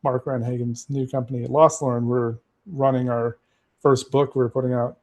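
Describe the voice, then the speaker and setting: A mid-range, slightly mellow voice with flat delivery and normal speed belongs to an American game master who is a guest on a podcast. In casual conversation about running games, he rambles, using many fillers and restarting often.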